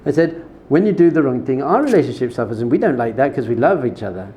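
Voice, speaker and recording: A rabbi giving an informal Torah lesson, talking conversationally, repeating words for emphasis and telling personal stories. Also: male voice, mid-range voice, big pitch swings, fast, warm tone, slight background noise. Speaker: rabbi teaching a class.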